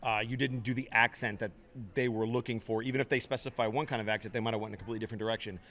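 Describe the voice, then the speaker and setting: Guy in his 30s talking fast in an interview, loose and chatty. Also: fairly low pitch. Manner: fast, lively storytelling. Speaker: voice actor guest. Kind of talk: casual interview chat.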